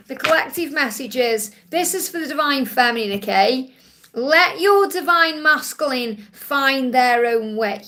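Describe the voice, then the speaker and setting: A woman's voice: high voice, a bit bright. A woman hosting a live Q&A stream, doing tarot readings in a soothing, reassuring way and repeating her key phrases.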